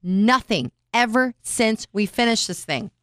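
A woman in her forties co-hosting a podcast, telling stories in casual chat and getting animated when she acts out scenes. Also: on the high side, measured pace, dry recording, clean studio sound. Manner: chatty storyteller, animated when retelling scenes. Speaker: podcast co-host.

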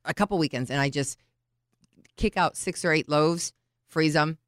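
A woman's voice: deep voice, normal speed, no echo, clean studio sound. A woman co-hosting a podcast in casual chat, practical and giving tips step by step. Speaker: podcast co-host.

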